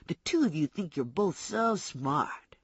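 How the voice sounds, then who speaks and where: A woman's voice: animated, slightly rough, dry recording, muffled recording, heavily acted. A woman doing a taunting male fugitive. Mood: menacing. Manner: taunting, slow and low. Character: menacing young male fugitive with a knife.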